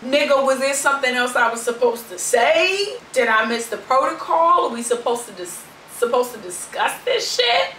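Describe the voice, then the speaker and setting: A woman's voice: sits high, very animated, moderate pace, hardly any pauses, sharp tone, echoey room, recorded from a distance, slight background noise, poor audio. A young woman vlogger telling a story in a brash, sassy, profane rant.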